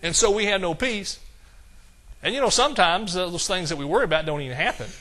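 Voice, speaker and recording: Man, preacher, sermon, folksy, slightly high pitch, slow measured scripture quotes. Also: bright, forceful tone. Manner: chuckles at his own jokes.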